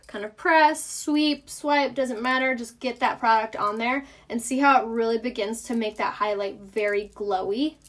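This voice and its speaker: A young woman with a Southern US accent hosting a casual live makeup tutorial, chatty and upbeat as she answers viewer comments. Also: a little high.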